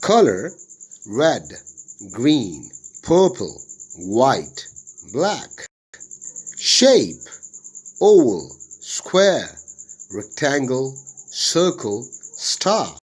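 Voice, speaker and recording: A man with a Pakistani English accent, a teacher reading out an English worksheet lesson slowly and deliberately, word by word. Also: medium pitch, wildly swooping pitch, slightly rough.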